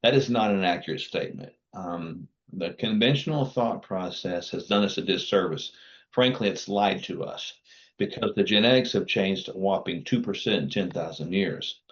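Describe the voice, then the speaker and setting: A man's voice: low voice, moderate pace, dull audio. A man speaking as a guest on a podcast, a physician who lays out his points in firm, teaching declarations. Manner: emphatic, didactic, firm declarations. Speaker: physician and wellness clinic founder.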